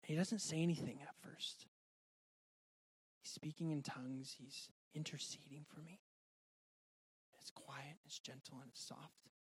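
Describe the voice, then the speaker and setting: A man preaching a sermon and sharing a personal testimony, earnest and heartfelt, moving between loud and soft delivery. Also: on the high side, breathy edge.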